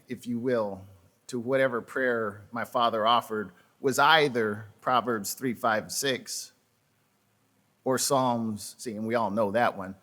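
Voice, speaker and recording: Male pastor, unhurried sermon delivery, bright voice, halting, folksy storytelling. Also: mid-range voice. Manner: folksy storytelling with asides to the congregation; halting, repeats words and restarts. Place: church sanctuary.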